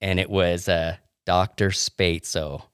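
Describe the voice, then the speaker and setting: A man's voice: low voice, little pitch movement, slow pace, a bit bright, clear, resonant tone, no echo, studio quality. A man hosting a podcast, telling nostalgic stories in casual chat with fillers. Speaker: podcast host.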